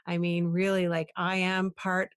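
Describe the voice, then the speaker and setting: A woman's voice: fairly low pitch, completely flat delivery, measured pace, clean tone. A woman hosting a podcast, chatting enthusiastically with her guest and then narrating the closing. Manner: warm and enthusiastic, laughs, many fillers. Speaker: podcast host. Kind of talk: casual interview chat and closing narration.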